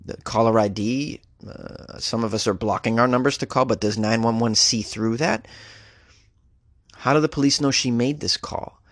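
A man's voice: mid-range voice, moderate pace, dry recording, clean studio sound. A man hosting a comedic news podcast, reading stories and riffing on them with wry jokes. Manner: wry, joking, riffs on stories. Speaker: podcast host.

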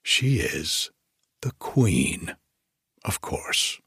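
Reader doing a gentle, earnest king; husky, slow. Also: medium pitch, sing-song, dry recording, clean studio sound, full character voice. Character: kind king, fond of hunting, man. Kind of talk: storybook reading. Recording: faint music behind.

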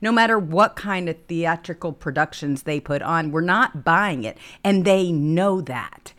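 A woman's voice: lowish voice, animated, measured pace, a bit bright. A woman hosting a political talk show, speaking in an emphatic, preachy way.

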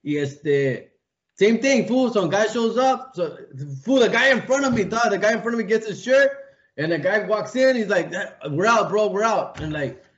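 A man's voice: sits high, expressive. Slangy Los man, dull recording. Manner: slangy, code-switches into Spanish, drawn-out storytelling. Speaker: podcast co-host. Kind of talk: casual chat.

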